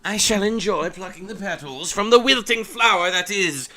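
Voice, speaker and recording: A man's voice: sits high, normal speed, pushed and bright, pitched above the performer's own voice. A man doing a pompous plant robot villain. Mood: gloating. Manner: grandiose, menacing taunts.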